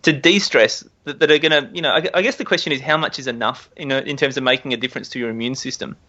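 A man co-hosting a health chat, wry and joking as he asks questions. His tone is bright and edgy. The sound is a bit dull and lo-fi. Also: mid-range voice, quick pace. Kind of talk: casual chat.

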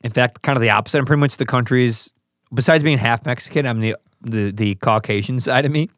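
A man's voice: medium pitch, quick pace, fairly bright tone, no echo. Male podcast host, casual and teasing, laughs a lot, dry close sound. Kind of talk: casual chat.

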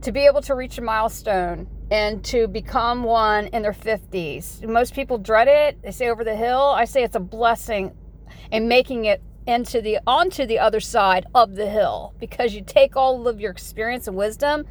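A woman's voice: fairly high pitch, normal speed. A woman in her forties from the United States, talking in a rambling, folksy vlog monologue full of "you know" asides. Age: 40s. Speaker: vlogger.

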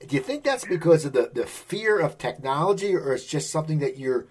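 A man's voice: a little high, lively intonation, brisk, husky. A man hosting an interview, asking long rambling questions. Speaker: interviewer, host.

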